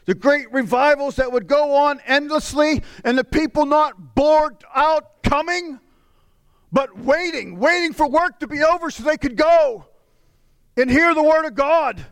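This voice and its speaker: A middle-aged man preaching a sermon as pastor, with impassioned delivery that swings from raised cries to low, weary murmurs. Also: measured pace, fairly bright tone.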